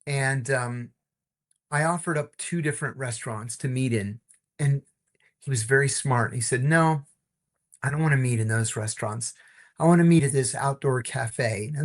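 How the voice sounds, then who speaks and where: A middle-aged man, a former intelligence officer, telling stories in an interview with a lively, wry delivery. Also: medium pitch. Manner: lively, wry, acts out the people in his stories. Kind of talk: animated storytelling in an interview.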